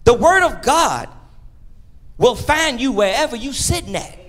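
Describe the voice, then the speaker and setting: High-voiced, lively preacher man. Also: unhurried. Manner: call-and-response preaching, swinging between shouts and quiet asides. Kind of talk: sermon. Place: church sanctuary.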